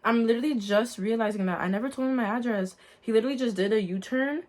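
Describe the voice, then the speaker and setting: A woman's voice: on the high side, fast talker. Earnest young woman telling a story. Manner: earnest, lively storytelling, addresses viewers as guys. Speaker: vlogger sharing a faith testimony. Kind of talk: casual spoken testimony.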